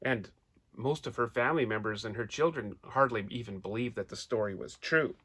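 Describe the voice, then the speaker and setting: A man reading a children's story aloud in an animated way, pointing out pictures and asking his listeners questions. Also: medium pitch, fairly quick, slightly rough. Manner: points out pictures while telling.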